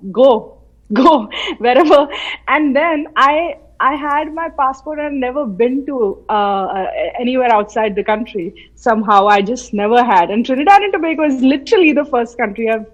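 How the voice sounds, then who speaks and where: A woman from central India speaks as an interview guest on a remote call, her voice sitting a little high. She tells her story with lively animation and acts out the voices she remembers. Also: poor audio. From Madhya Pradesh, India. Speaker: guest, film artist. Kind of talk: casual interview. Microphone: remote call from her home city.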